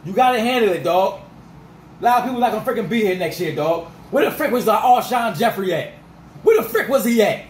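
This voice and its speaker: Fired-up ranting man, high voice. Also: animated, fairly quick, reverberant, slight background noise, poor audio. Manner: fired-up, repetitive, peppered with 'freaking' and 'dog'. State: voice going rough. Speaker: sports fan vlogger. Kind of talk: ranting sports reaction.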